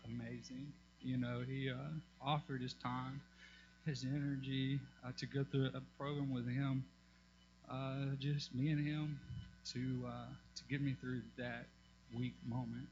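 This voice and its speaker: A man giving a personal testimony in church, halting, with many fillers and restarts. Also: medium pitch, flat delivery, dull audio, noisy background.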